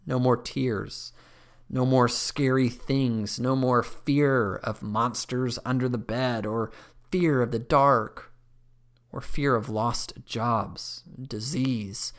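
A man preaching a sermon as pastor, earnest, dropping to a hush at dramatic moments. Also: mid-range voice, fairly even intonation, slow.

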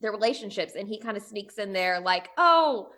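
A woman co-hosting a podcast, recapping a TV episode in animated, slangy casual chat and laughing often. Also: mid-range voice, a little fast. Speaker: podcast co-host.

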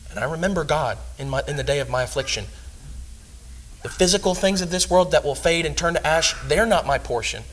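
A man preaching a sermon in earnest, swinging between loud emphasis and hushed asides. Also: on the high side, animated, a little fast, slight background noise, low-quality recording.

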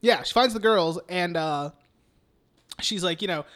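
Bright, high-voiced young podcast host. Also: male voice, measured pace. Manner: rambling, profane, heavy use of "like". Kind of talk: casual chat recapping a film.

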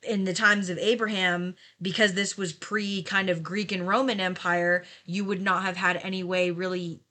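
Woman, bright forceful voice, podcast co-host, thoughtful explainer. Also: lowish voice, little pitch movement, moderate pace. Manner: thoughtful, explanatory, asks listeners to imagine. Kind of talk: casual Bible discussion podcast.

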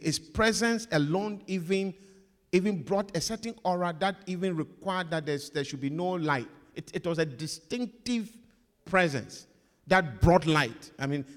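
A male pastor preaches with a fairly high voice that leaps up and down. He repeats key phrases and swings between loud emphasis and hushed asides. His words ring out in a long, echoing church hall. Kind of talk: sermon.

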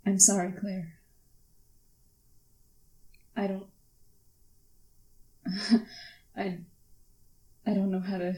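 A woman's voice: mid-range voice, dark tone, roomy sound, close to an everyday voice. A woman voicing a young woman adventurer who is crying and pleading for news of her lost father, in a tabletop role-play. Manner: pleading, breaking into tears.

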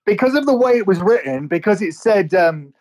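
A man's voice: high-pitched, lively intonation, brisk, a little mellow, low-quality recording. A man co-hosting a podcast in casual chat, rambling and restarting his sentences in a start-stop way. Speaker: podcast co-host.

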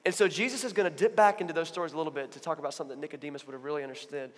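A man giving a sermon as a pastor, talking in a conversational, animated storytelling way. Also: on the high side, rapid-fire, in a large hall. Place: church.

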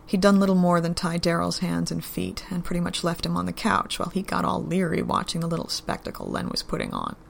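Gravelly low-voiced woman narrating a story. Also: sing-song, a little fast, hardly any pauses, slight background noise. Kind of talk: audiobook-style story reading.

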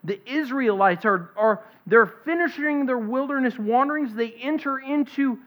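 A woman preaching an expository sermon, reading scripture aloud and stressing its points in a deliberate way. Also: high-pitched. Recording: dull lo-fi recording.

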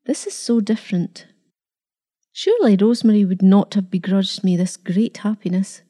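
A woman's voice: medium pitch, moderate pace, husky, lightly acted. A woman doing a firm, loving grandmother. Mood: earnest. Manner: firm and steady.

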